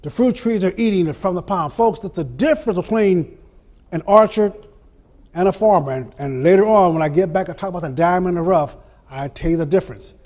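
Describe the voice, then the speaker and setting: High-voiced older man giving a motivational speech. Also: a little mellow. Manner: rhythmic repetition and dramatic pauses; laughs through his stories. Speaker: motivational speaker. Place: event venue before an audience.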